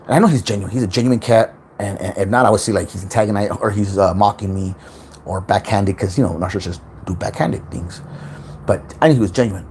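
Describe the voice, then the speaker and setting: A man's voice: fairly low pitch, quick pace, darkish tone, slight background noise. A man hosting a casual spiritual self-help livestream from home, rambling, repeating words and swearing freely.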